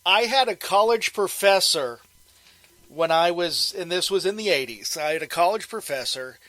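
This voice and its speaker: A man's voice: sits high, lively intonation, normal speed, sharp tone, low-quality recording. A man in his fifties from the Pittsburgh area with a mild Pittsburgh accent, hosting a casual interview and telling stories in an easygoing way. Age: 50s. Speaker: host.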